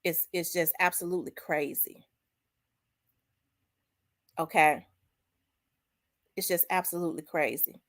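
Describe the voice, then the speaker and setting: A woman's voice: fairly low pitch, steady tone, unhurried, long pauses, fairly bright tone. A woman hosting her own channel, talking in an emotional, preaching style. She repeats her lines for emphasis, quotes scripture and uses casual, colloquial speech. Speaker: channel host.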